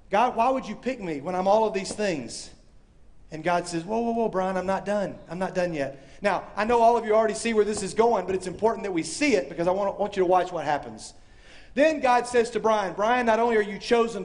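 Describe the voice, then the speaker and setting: A man with a high, light voice preaches a sermon to a live audience. He is animated, acts out the voices in his story, and swings from loud calls to hushed, quiet lines. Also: a little fast. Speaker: speaker. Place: university chapel or hall with audience.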